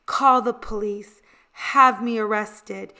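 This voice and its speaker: A woman reading the lines of a defiant father and community chief in a low, even voice, slowly.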